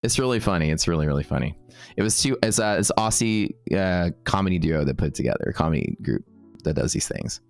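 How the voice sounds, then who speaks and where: A man's voice: low voice, expressive, gravelly, soft background music. A man teaching trading live on stream, casual and upbeat, chatting with viewers between explanations. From Texas. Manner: casual and upbeat, full of fillers and quick asides to chat.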